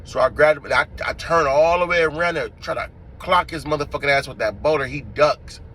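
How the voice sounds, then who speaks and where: A man telling a street-fight story in a casual, profane, animated way, acting out the scenes as he goes. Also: fairly high pitch, fairly quick, a little hiss or hum.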